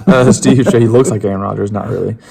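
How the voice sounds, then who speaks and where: A man with a lowish voice and a gravelly, fry-laden edge talks casually as he unboxes game tokens. He is relaxed, laughs easily and fills pauses with ums. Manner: relaxed and chatty, laughs often, trails off with fillers. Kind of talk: casual chat.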